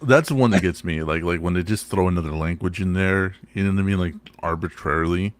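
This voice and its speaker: A man co-hosting a casual talk show, animated and swearing, often restarting his sentences. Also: deep voice, quick pace, no room sound. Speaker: podcast co-host. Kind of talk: casual profane chat.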